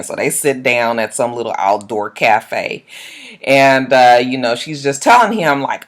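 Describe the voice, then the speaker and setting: A woman recapping a reality TV episode on her vlog, loud and profane, laughing and acting out the cast's lines. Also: sing-song, normal speed. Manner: loud, profane, laughing, swinging from low mutters to high shrieks; acts out the cast members' lines in quoted voices. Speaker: YouTube reality-TV reviewer.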